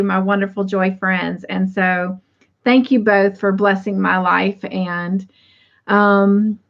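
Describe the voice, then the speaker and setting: A woman's voice: medium pitch, muffled recording. Bubbly woman hosting a crochet livestream. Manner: chatty and bubbly, laughs often. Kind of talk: casual chat to live viewers.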